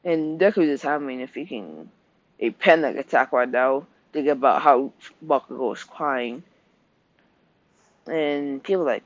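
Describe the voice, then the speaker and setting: A man casually retelling an anime plot, halting and rambling with many ums and restarts. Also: a little high, animated, dry recording. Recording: dull dry home recording.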